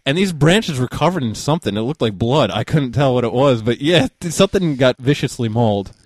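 A man's voice: mid-range voice, expressive, a little fast, no room sound, clean studio sound. A man, a podcast guest, telling a rambling story in a casual chat, swearing freely and laughing as he goes.

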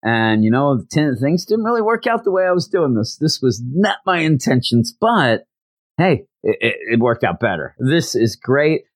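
A man's voice: medium pitch, very animated, moderate pace, dry recording, studio quality. A man voicing a brash teenage boy who boasts and exclaims. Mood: pumped.

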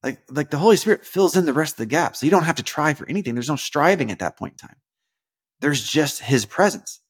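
A young man hosting a casual devotional podcast, talking in a rambling, earnest way with lots of fillers, restarts and sudden animated emphasis. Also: a little high, quick pace, husky. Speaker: podcast host.

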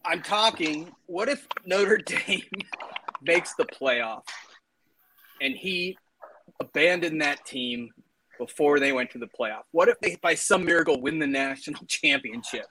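A man's voice: a little high, animated, measured pace, sharp tone, husky, low-quality recording. A man talking casually about college football coaches, opinionated and laughing between points. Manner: talkative, laughs mid-sentence, opinionated. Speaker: sports podcast panelist. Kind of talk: casual sports talk.

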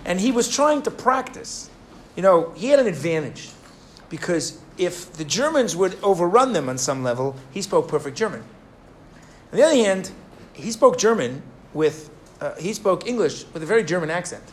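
A man with a fairly high voice gives an animated sermon, telling stories and throwing questions out to his audience. He often restarts his sentences. A faint background noise sits under the recording. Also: moderate pace. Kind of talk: sermon with storytelling.

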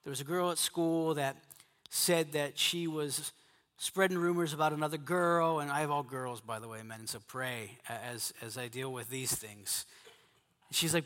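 A man's voice: a little high, normal speed, a bit bright, in a large hall. A middle-aged male pastor preaching emphatically to men, repeating his key phrases. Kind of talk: sermon to a men's gathering.

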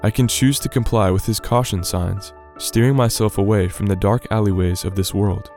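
A man's voice: fairly low pitch, steady tone, normal speed, a little mellow, soft background music. A young man reading a scripted devotional story in an earnest storytelling manner. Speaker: student devotional reader.

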